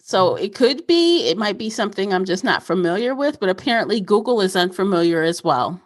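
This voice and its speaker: A woman in a relaxed book chat who speaks bluntly and laughs easily. Her pitch sits in the middle but swings widely as she talks, lifting high on her jokes. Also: brisk. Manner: laughs often, candid and blunt. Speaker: podcast co-host.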